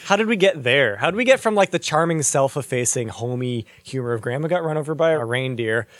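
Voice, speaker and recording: A man co-hosting a casual podcast, chatty and quick to laugh, often correcting himself. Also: mid-range voice, expressive, a bit bright, no room sound. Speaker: podcast co-host. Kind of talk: casual chat reviewing music videos.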